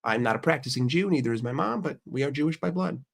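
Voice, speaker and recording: A man's voice: mid-range voice, lively intonation, fast talker, creaky. A young adult man from the United States hosting his channel, ranting casually with heavy swearing and a brash manner. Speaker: streamer and channel host. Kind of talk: casual profane rant.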